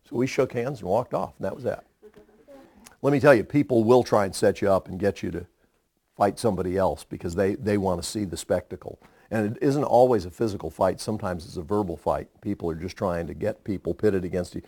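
A man's voice: fairly low pitch, fairly quick, slightly rough, no room sound, clean studio sound. A male pastor telling stories in a sermon to young people, acting out the voices of the people he quotes. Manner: animated storyteller who acts out quoted voices.

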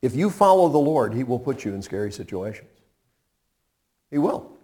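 A middle-aged man preaching a sermon in a conversational, humorous way, pausing for effect. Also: mid-range voice, very animated, a little mellow, breathy edge. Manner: conversational and humorous, with dramatic pauses. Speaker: pastor.

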